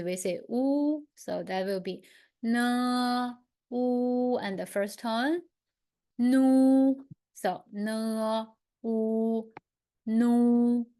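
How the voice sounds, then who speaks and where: A woman teaching pronunciation in a very slow, careful way, pausing on each syllable so learners can echo it. Her voice sits a little high. She explains things patiently and keeps repeating them. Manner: patient, gently repetitive explaining. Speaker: language teacher. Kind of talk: pronunciation lesson.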